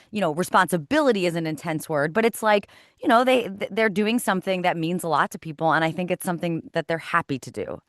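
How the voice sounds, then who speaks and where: A woman in her thirties, a former kids' TV host, chatting as a podcast guest with animated, rambling storytelling. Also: on the low side, no echo, clean studio sound. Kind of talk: casual interview chat.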